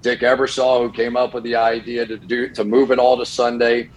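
This older football broadcaster speaks briskly in a mid-range voice, spinning casual stories on a sports talk show. He animatedly performs the quoted dialogue of each person he describes, though the audio is low in quality.

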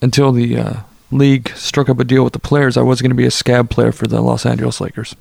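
A man co-hosting a comedy podcast, telling jokes deadpan. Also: medium pitch, quick pace, creaky, no echo, clean studio sound. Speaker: podcast co-host. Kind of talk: casual comedy podcast banter.

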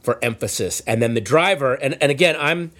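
A man telling a comic story in casual chat, acting out the shouted lines of the people in it. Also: mid-range voice, expressive, brisk. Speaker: storyteller guest.

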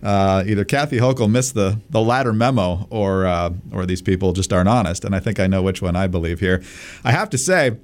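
A man co-hosting a political podcast, reading news passages and commenting in a measured way. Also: low voice. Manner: measured, reads news excerpts aloud. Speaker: podcast co-host.

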